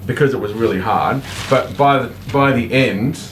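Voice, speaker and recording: A man's voice: mid-range voice, moderate pace, fairly bright tone. A man co-hosting a casual live stream, chatting and explaining crafts with restarts and laughs. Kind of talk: casual chat. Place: home room. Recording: roomy, far from the mic, noisy.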